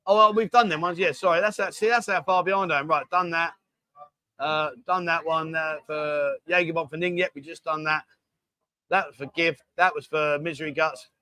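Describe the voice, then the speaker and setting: A man's voice: on the high side, fairly even intonation, normal speed, sharp tone, no echo. A man hosting a casual livestream from a bar, chatting with the staff and reading out viewer comments. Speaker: livestream host.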